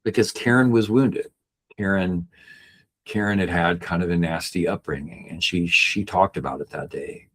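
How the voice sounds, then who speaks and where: A middle-aged man, a podcast guest, telling a personal story earnestly and acting out the people he quotes. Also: normal speed. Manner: earnest, acts out quoted people with raised pitch.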